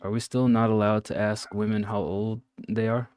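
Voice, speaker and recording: A man's voice: on the low side, level tone, normal speed, darkish tone, no echo. A man co-hosting a casual chat show who makes dry joking asides. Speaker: podcast co-host.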